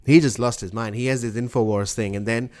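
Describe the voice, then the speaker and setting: A man's voice: mid-range voice, steady tone, a little fast, darkish tone. Hesitant man chatting on a podcast. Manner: hesitant, many restarts and fillers. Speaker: podcast co-host. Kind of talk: casual chat.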